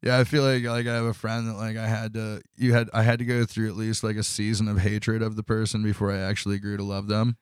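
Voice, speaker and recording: A laid-back man hosting a casual chat, agreeable and quick to laugh, often rambling with fillers. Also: fairly low pitch, level tone, smooth, no echo, studio quality.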